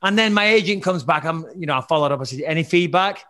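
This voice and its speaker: A man, a British-accented actor with a slight American twang, telling audition stories in casual, animated, self-deprecating chat. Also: on the high side, fast talker. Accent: British English with slight American twang. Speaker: actor and podcast guest.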